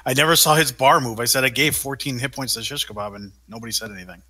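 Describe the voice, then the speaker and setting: A man's voice: medium pitch, quick pace, bright, forceful tone. A man at a tabletop game, chatting casually and working out the rules aloud. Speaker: player.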